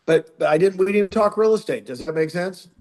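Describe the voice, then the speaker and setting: Man, gravelly voice, a bit high, rambling casual webinar talk. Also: expressive, a little fast, a little mellow. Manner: rambling, chatty, restarts often. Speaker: guest speaker on a training webinar. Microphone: video call.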